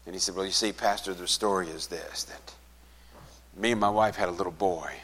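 A pastor tells a story from the pulpit, his low voice carrying through a reverberant church. He voices both sides of the conversation and sinks to a hush when the story turns grave. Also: fairly even intonation, a little fast. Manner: retells a conversation, acting out both sides, softening to a hush at sad moments. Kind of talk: sermon storytelling.

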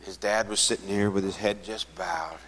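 A pastor tells a story from the pulpit, his low voice carrying through a reverberant church. He voices both sides of the conversation and sinks to a hush when the story turns grave. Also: fairly even intonation, normal speed. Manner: retells a conversation, acting out both sides, softening to a hush at sad moments. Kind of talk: sermon storytelling.

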